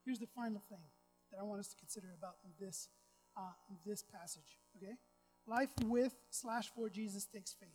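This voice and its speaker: In a rough recording with soft music behind her, a woman with a medium-pitched, darkish voice preaches a sermon at normal speed. She starts out conversational, with casual asides and self-deprecating humor, then builds to emphatic, repetitive preaching.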